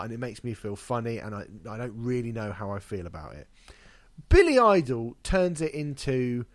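A man from England co-hosting a podcast, chatting casually and wryly about an album, swearing freely. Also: medium pitch. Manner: wry, swearing, mimics people in silly voices. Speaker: podcast co-host. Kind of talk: casual chat reviewing an album.

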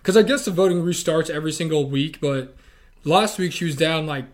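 A man with a somewhat higher voice, chatting casually with a friend. He talks in a loose, conversational way and drops in dry, sarcastic asides. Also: fairly quick. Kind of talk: casual chat.

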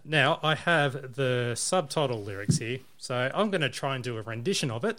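A man co-hosting a casual podcast chat, jokey and quick to laugh. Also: medium pitch, animated, over music. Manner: jokey, chatty, laughs often. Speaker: podcast co-host.

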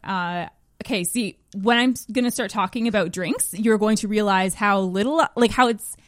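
A woman's voice: mid-range voice, normal speed, no echo, clean studio sound. A woman chatting as a podcast guest, self-deprecating and hesitant, with many fillers and restarts. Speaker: podcast guest and host of her own show. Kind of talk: casual podcast chat.

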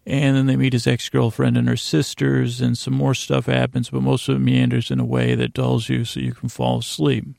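Guy podcasting, super gravelly voice, kinda monotone, meandering sleepy recap. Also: mid-range voice, normal speed, hardly any pauses, dry recording, studio quality. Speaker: podcast host. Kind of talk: casual rambling recap for sleep.

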